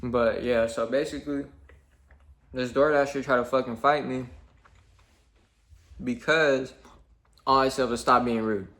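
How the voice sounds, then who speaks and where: A man's voice: medium pitch, steady tone, a little slow, long pauses, fairly bright tone. Young man ranting casually with constant fillers. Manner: rambling, profane, full of fillers. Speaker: vlogger. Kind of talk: casual storytime rant.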